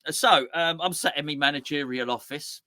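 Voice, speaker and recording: A man's voice: a little high, moderate pace, sharp tone. A man co-hosting a casual football chat, rambling and playful with lots of restarts. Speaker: co-host.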